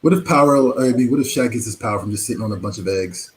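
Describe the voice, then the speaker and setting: A man chatting and laughing as a panelist in a casual online game night, lively in his banter. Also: lowish voice, racing, slight background noise. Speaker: show co-host and panelist. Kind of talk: casual game chat over video call.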